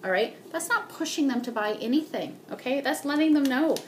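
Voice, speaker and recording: A woman giving a sales training talk as a beauty consultant, animated, acting out customers and ending lines with "okay?". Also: high-pitched, a little fast, slight background noise.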